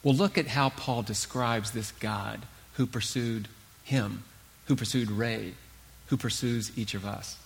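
A man preaching a sermon as pastor, earnest and emphatic, with dramatic pauses. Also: fairly low pitch, fairly even intonation, creaky, big-room sound.

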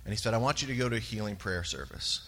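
A man's voice: lowish voice, sharp tone. Earnest man giving testimony in a hall. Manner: earnest, halting, with fillers. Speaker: church member sharing testimony. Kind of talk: personal testimony in church. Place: church sanctuary. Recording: long reverb of a large hall.

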